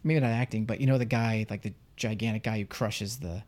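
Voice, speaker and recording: A man's voice: on the low side, steady tone, fairly quick, darkish tone. A man talking casually about a film, rambling and searching for his words.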